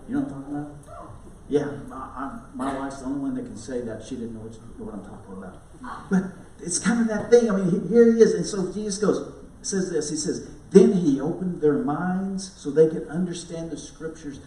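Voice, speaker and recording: High-voiced pastor preaching in an echoey church. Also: male voice, moderate pace, hardly any pauses, warm tone. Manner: conversational, storytelling with asides to the congregation. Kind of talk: sermon. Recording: roomy echo, mic at a distance.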